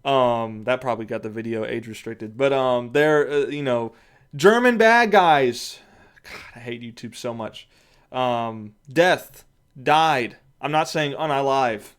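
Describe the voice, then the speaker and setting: A comic book reviewer gives a casual spoken review, rambling and thinking aloud with plenty of fillers and frequent chuckles. His mid-range voice is clear and resonant, and he keeps a measured pace.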